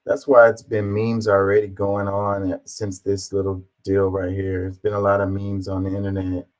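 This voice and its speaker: A man's voice: deep voice, completely flat delivery, normal speed, a little mellow, rough recording. A man giving casual, amused reaction commentary on video clips, with a laid-back delivery and lots of fillers.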